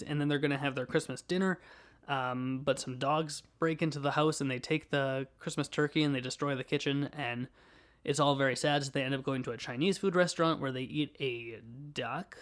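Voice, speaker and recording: A young adult man hosting a podcast, cheerfully retelling a movie's plot in a casual review, laughing often as he goes. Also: on the high side. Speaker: podcast host.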